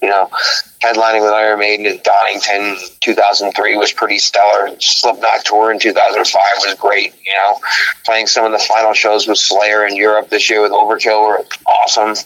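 A man guest in a casual interview, telling road stories in an animated way, acting out quotes and laughing often. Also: on the low side, a little fast, no echo, poor audio.

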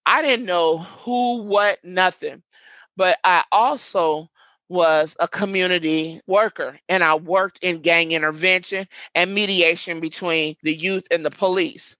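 A woman's voice: on the low side, unhurried, fairly bright tone, no echo, highs cut off. A middle-aged woman telling her story in an interview, reliving events vividly and quoting what everyone said. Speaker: interviewee, mother and community worker. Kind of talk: emotional first-person testimony.

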